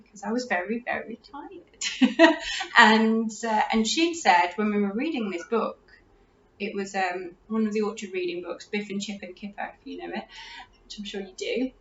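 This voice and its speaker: A middle-aged woman with a mid-range voice hosts a casual parenting podcast from a room at home, speaking briskly and chattily with frequent restarts and warm laughter. The lo-fi recording is roomy, distant and dull, with slight background noise.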